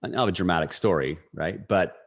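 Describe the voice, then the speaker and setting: A man in his forties telling a personal story as a podcast guest, energetic and full of fillers. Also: deep voice, a little fast, breathy edge. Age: 40s. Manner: energetic, story-driven talk with frequent fillers. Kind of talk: casual storytelling.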